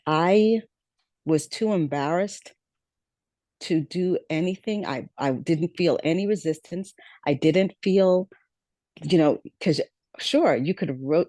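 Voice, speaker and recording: Woman guest with a mellow, warm voice, dry sound; reflective storyteller who repeats phrases. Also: low-pitched, animated, unhurried, dry recording. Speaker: podcast guest. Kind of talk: storytelling interview.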